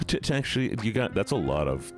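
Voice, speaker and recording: Playful, animated male streamer. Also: lowish voice. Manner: playful, animated, talks to chat. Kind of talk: live game stream commentary. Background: game music.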